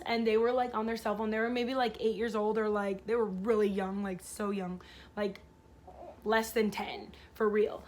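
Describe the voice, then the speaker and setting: A woman vlogger telling a story in a casual, rambling way, full of fillers. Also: on the high side. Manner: rambling, filler-heavy, animated retelling.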